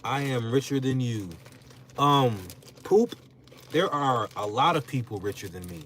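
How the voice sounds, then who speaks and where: A man's voice: mid-range voice, unhurried, slight background noise. A young man and content creator talking in a casual, slangy rant on a podcast, emphatic and mocking. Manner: animated, emphatic, slangy, mocking quoted voices. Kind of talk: casual talk-show rant.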